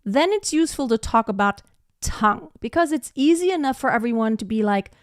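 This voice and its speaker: In a live online singing lesson, a woman vocal coach chats loosely, rambles with frequent "like" and "you know" fillers, and demonstrates sounds vocally. She speaks fairly quickly with a fairly high, expressive voice, in clean studio sound with no room sound.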